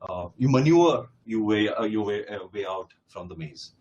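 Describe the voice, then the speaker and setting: A man's voice: on the low side, lively intonation, normal speed, darkish tone, highs cut off. A man teaching a live test-prep class, addressing his students directly and repeating key points with emphasis.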